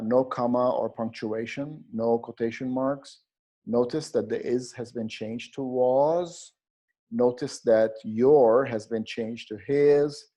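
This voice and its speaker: A man's voice: mid-range voice, dark tone. A man narrating a teaching video for teachers, explaining grammar step by step with frequent fillers and restarts. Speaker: teacher trainer.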